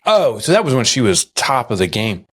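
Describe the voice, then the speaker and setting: A man co-hosting a podcast, telling stories in casual chat and mimicking others in a high voice. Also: very animated, fairly quick, breathy edge. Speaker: podcast co-host.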